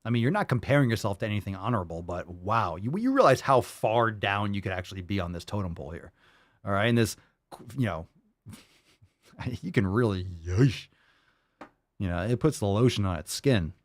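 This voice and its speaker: A man's voice: lowish voice, animated, moderate pace, no echo. A man hosting a podcast, reacting to clips with profane, sarcastic mockery. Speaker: podcast host. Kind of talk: casual reaction commentary.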